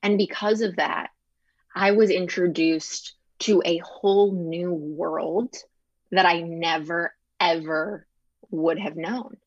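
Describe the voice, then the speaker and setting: Fast-talking woman chef telling her story. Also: fairly low pitch, dry recording, lo-fi sound. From Chicago, United States. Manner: fast, animated, acts out quoted dialogue. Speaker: chef and TV host, interview guest. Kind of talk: candid storytelling in an interview.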